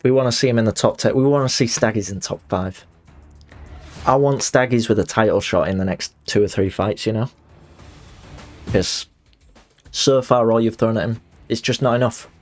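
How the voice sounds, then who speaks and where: A man's voice: lowish voice, normal speed, long pauses, soft background music. A young man chatting casually while streaming a fighting game, joking and putting on voices. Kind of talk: live game commentary.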